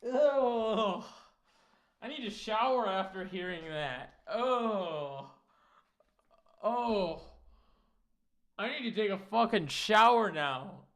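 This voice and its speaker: A man's voice: high voice, animated, slow, pauses often, fairly bright tone. A young man streaming live, reacting to videos with profane, disgusted outbursts and casual chatter.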